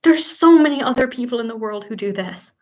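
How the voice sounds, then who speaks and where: A woman's voice: on the high side, animated, brisk, close to an everyday voice. Smug sneering nobleman guy, a woman putting him on, sarcastic. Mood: mocking. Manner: sarcastic, mocking. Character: smug scheming male nobleman, mocking.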